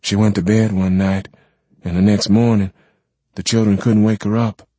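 A man voicing a worn, gentle young mother speaking hesitantly in a story reading. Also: on the low side, little pitch movement, moderate pace, husky, dry recording, pitched above the performer's own voice. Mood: sad. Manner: hesitant, soft.

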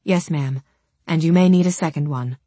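A man's voice: fairly high pitch, moderate pace, dry recording, lightly acted. A woman voicing a cool, polite male security agent of about forty who speaks formally and calls people ma'am. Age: 40s. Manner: calm, formal, says ma'am. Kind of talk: audiobook character voice.

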